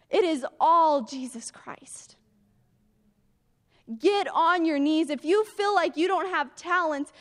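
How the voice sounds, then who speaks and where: High-voiced woman preaching slowly in a hall. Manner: earnest, rising to pleading prayers then dropping soft. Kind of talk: sermon.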